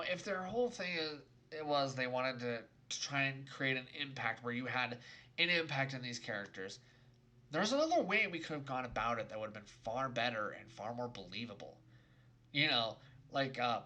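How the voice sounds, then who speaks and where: A man's voice: mid-range voice, pushed and bright. A young adult man giving an exasperated, sarcastic, emphatic rant in a video game review.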